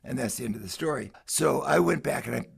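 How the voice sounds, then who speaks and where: A man's voice: mid-range voice, expressive, quick pace, gravelly, slightly rough. A man retelling an old ballad's plot in a casual, rambling storytelling manner, with many restarts. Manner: rambling, offhand, with frequent restarts. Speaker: folk song performer explaining a ballad.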